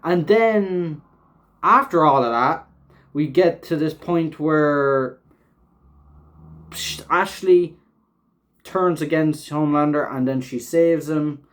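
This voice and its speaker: A man with a slightly high voice hosts a casual reaction recap. He rambles from point to point, leaning on fillers and restarts and swearing freely. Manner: rambling, filler-heavy, swears often, laughs while talking. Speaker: show host reviewing an episode.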